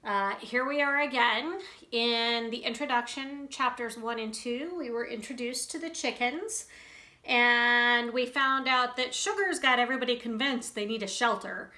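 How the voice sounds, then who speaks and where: A woman reading a children's book aloud in an expressive way to young listeners. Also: a little high, measured pace. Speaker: storybook reader. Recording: roomy echo.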